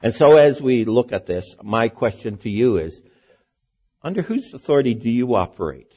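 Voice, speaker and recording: Mellow, husky-voiced male preacher. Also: medium pitch, big pitch swings, moderate pace. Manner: conversational preaching with rhetorical questions. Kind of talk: sermon.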